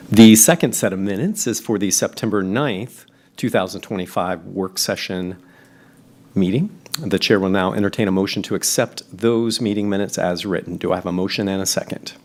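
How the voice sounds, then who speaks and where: A man with a fairly low voice chairs a board meeting. He moves through motions and votes in a steady, procedural manner, with an occasional "uh". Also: normal speed. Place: public meeting chamber.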